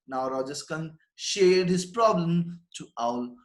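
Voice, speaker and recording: A male teacher works through a prose text line by line, reading each phrase and then restating it in simple words. His voice sits a little high for a man, and the recording has a roomy echo. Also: lively intonation, takes it slowly, few pauses. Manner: reads a line, then paraphrases it simply and repeats it. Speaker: English teacher. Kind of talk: line-by-line literature lecture. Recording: echoey room.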